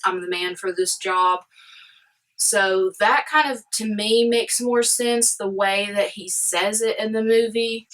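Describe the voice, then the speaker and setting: A woman's voice: mid-range voice, fairly bright tone, rough recording. A woman vlogging casually about history, chatty and rambling with eager side tangents.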